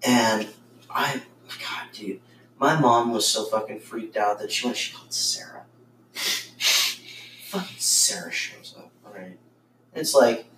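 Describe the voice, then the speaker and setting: A man's voice: medium pitch, unhurried, pauses often, a bit bright. A man casually telling a ghost story on a podcast, rambling with lots of swearing and fillers. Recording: roomy, distant mic with faint noise.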